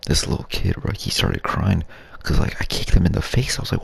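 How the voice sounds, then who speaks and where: A man's voice: wildly swooping pitch, brisk. A young man telling a crude, rambling ASMR story in slangy street talk, half whispered. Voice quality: low gravelly breathy voice. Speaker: YouTube storyteller.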